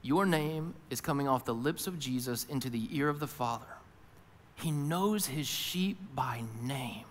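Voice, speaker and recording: A male pastor preaching a sermon, who moves between hushed, intimate lines and loud, emphatic ones and often speaks in the first person as the people he describes. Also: mid-range voice, measured pace, slight background noise. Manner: voices Jesus and worried listeners in first person. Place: church auditorium. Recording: long hall reverb.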